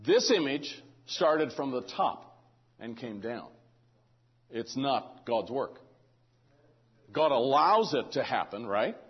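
Husky-voiced preacher, muffled church recording. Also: male voice, mid-range voice, animated, takes it slowly, long pauses. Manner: checks in with the congregation often, joking asides. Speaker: pastor. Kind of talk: conversational sermon. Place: church sanctuary.

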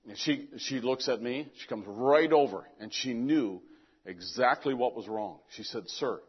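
A man's voice: mid-range voice, unhurried, breathy edge, dull audio. Older man telling a rambling story. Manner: rambling, animated, repeats words while telling. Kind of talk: casual personal story.

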